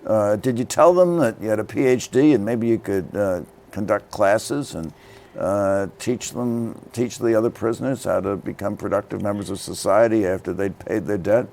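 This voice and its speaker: A man's voice: lowish voice, normal speed, creaky, a little mellow. An older man hosting a studio interview, asking long questions with many hesitant fillers. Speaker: interviewer, show host.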